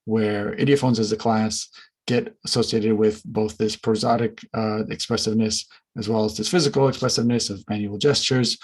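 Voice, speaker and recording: A man presenting research findings in an academic conference talk, measured and careful, with frequent fillers and restarts. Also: fairly low pitch, husky, poor audio.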